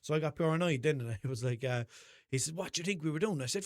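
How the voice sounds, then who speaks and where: A man's voice: medium pitch, quick pace, no echo, studio quality. A young man with a Limerick Irish accent, hosting a podcast and telling casual stories, swearing freely and acting out the back-and-forth. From Ireland. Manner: animated, swears freely, acts out quoted exchanges. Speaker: podcast host. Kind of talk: casual storytelling monologue.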